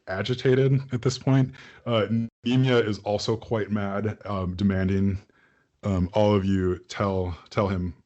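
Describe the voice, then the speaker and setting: A man's voice: on the low side, darkish tone, muffled recording. A man narrating a tabletop game as game master, hesitant, with many fillers and a lot of amusement.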